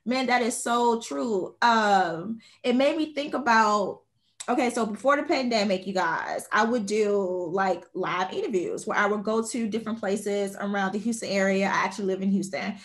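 A woman hosting a podcast, telling a personal story in a chatty, animated way. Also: medium pitch, moderate pace. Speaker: podcast host. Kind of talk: casual conversation.

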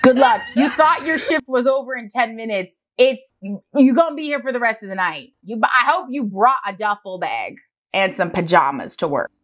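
A woman hosting a reaction video, animated and exclaiming as she comments. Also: fairly high pitch, normal speed.

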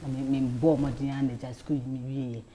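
Lively Ghanaian woman telling a story. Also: extremely low pitch, fast talker, a little hiss or hum. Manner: animated, repeats words, laughs while telling. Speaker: talk show guest. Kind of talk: casual storytelling chat.

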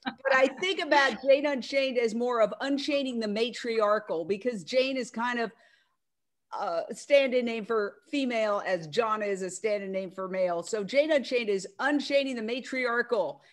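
Middle-aged woman, a touch high-pitched, emphatic and loud, rallying on a video call. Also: normal speed. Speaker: media network founder speaking at an online event. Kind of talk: casual speech on a video call.

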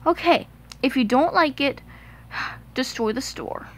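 A woman's voice: high-pitched, expressive, takes it slowly, a little hiss or hum. A woman voicing a cheerful, eager male engine in a homemade toy play, chatty and bossy with his friend.

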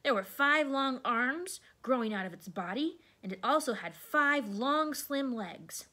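A woman reading a children's storybook aloud with expressive delivery. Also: a little slow. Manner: expressive, varies pitch. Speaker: narrator.

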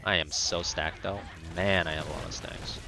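A man's voice: deep voice, steady tone, moderate pace, gravelly, background noise. A man casually commenting while playing a game, joking with his chat. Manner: laid-back, joking, talks to chat. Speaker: streamer.

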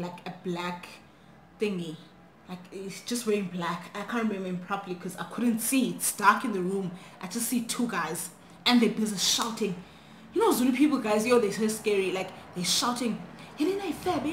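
A young woman telling an animated storytime on her phone, switching languages mid-sentence. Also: medium pitch, normal speed. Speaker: vlogger. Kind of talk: storytime vlog. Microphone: phone camera. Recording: echoey room, faint noise.

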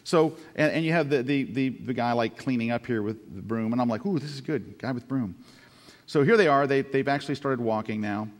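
A man's voice: mid-range voice, fairly quick, hardly any pauses, in a large hall. A man teaching photography by telling a story, acting out his own thoughts with self-mocking humor. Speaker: photography instructor. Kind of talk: storytelling lesson over photo slides.

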